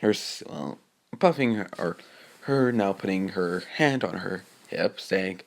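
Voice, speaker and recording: A man with a low, gravelly voice narrates a fan story off the cuff. He hesitates, backtracks and fills gaps with filler words. He reads the characters' lines without changing his voice much. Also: animated, slow, pauses often. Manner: hesitant, rambling, many filler words and restarts. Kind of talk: improvised retelling of a fan story.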